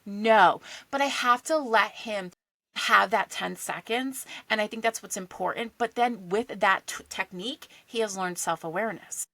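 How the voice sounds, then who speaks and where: A woman coach on a podcast, telling parenting stories in an earnest, storytelling way. Her voice is bright with a gravelly fry running through it, and it is recorded dry and close. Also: mid-range voice, normal speed, no room sound. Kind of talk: casual chat.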